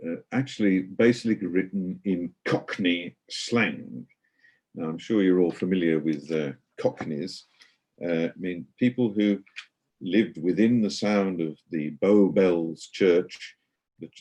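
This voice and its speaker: A man's voice: sits low, mellow. A middle-aged man giving an online guided tour, chatty and explanatory, with many hesitations and fillers.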